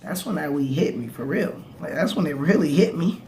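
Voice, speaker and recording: A man's voice: fairly high pitch, animated, normal speed, dark tone. Young man, casual slangy storyteller, stammers and restarts, echoey room with faint background hum.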